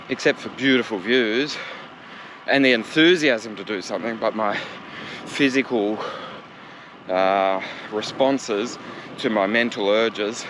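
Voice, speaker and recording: Riding a road bike outdoors in traffic, a lowish-voiced cycling vlogger chats casually to his camera. His talk is rambling and self-deprecating, and wind rushes over the bike-mounted camera's mic while music plays behind.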